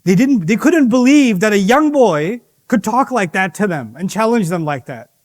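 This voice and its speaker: A middle-aged man preaching a sermon to young people, animated and firing off rhetorical questions. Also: high-pitched, moderate pace. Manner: animated, asks rhetorical questions and acts out voices of others.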